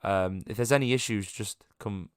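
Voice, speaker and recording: Man playing a nervous stammering middle-aged scientist, flustered, low dry voice, tabletop game figure. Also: moderate pace, smooth, no room sound, lightly acted. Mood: anxious. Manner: stammering, nervous, eager to help.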